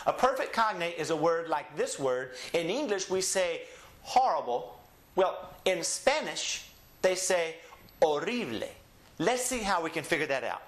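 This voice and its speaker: A man leads a recorded Spanish lesson, drawing out each model word slowly and prompting the listener to repeat after him. His voice sits a little high for a man. The recording carries a noticeable roomy echo. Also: a bit bright. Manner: slow drilled model pronunciations with call-and-repeat prompts. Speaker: Spanish teacher. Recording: echoey room.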